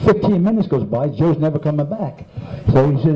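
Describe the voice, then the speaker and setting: A man's voice: on the high side, very animated, fairly quick, few pauses. A man telling crude stand-up jokes in a casual storyteller's way. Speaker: comedian. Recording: muffled lo-fi club recording.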